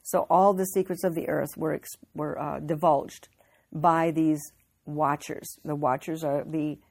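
A woman's voice: deep voice, steady tone, unhurried, darkish tone, no room sound. A woman giving an informal Bible teaching, telling the story earnestly with frequent restarts.

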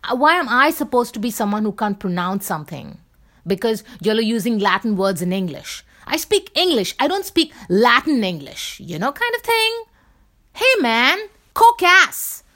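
A woman's voice: on the high side, sing-song, moderate pace, fairly bright tone. A woman vlogger talking casually in a rambling, playful way, full of fillers and restarts.

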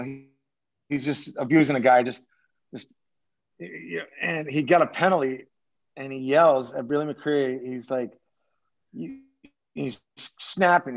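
Rambling man with a dull lo-fi sound. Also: mid-range voice. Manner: rambling, profane, frequent restarts. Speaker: podcast guest, former pro hockey player. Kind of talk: casual storytelling.

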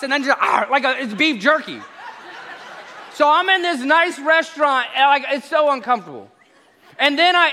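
A man preaching a sermon, an animated storyteller who acts out the exchanges he describes. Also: very high-pitched. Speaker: pastor. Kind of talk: sermon with humorous travel stories. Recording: echoey hall reverb.

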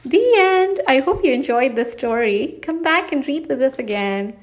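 A woman reading a children's picture book aloud, slow, deliberate and expressive. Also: high voice. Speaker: storyteller. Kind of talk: children's storybook read-aloud.

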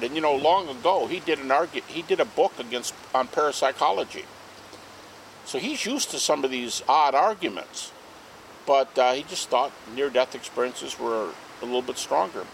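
A man speaking as a guest at an outdoor garden party, telling anecdotes in an animated way. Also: mid-range voice, slight background noise, poor audio. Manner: animated, acts out quoted speech. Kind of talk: anecdotal storytelling to a small group.

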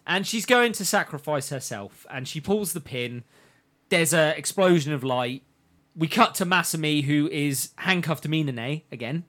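A man talking casually among friends, recapping a story scene by scene in a slightly high voice. He swears freely, drops into short voiced quotes and laughs often. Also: animated, normal speed, fairly bright tone. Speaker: podcast co-host recapping an anime. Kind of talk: casual chat, retelling a plot.

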